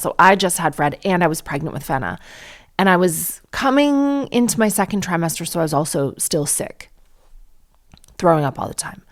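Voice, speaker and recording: A woman in her forties hosting a podcast, telling casual stories with irreverent asides. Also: sits low. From Canada. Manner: chatty, irreverent, quick asides. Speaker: podcast host. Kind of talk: casual storytelling monologue.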